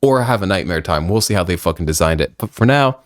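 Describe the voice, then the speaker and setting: A man's voice: low-pitched, lively intonation, quick pace, no echo, clean studio sound. A man giving playful, casual commentary over a video game, joking and swearing freely. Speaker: gaming video creator. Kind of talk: casual let's-play commentary.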